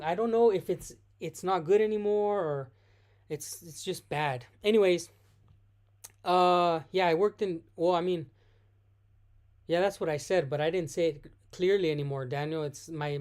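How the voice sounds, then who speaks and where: A voice hosting a live stream in a loose, casual Q&A. They read out questions from the chat and answer on the spot. Their answers are full of restarts and quick self-corrections. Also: mid-range voice, darkish tone. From United States.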